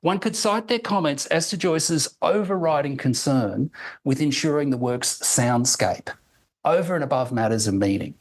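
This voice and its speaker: A man reading a prepared academic lecture in a measured, deliberate way, slowing to sound out example phrases. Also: medium pitch, poor audio.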